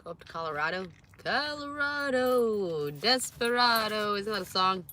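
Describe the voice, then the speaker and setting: A woman's voice: on the low side, fairly even intonation, racing, heavy background noise. A woman in her thirties vlogging in a rambling, candid way, cooing baby talk at her dogs between stories. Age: 30s. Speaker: van-life vlogger. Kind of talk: casual vlog chat.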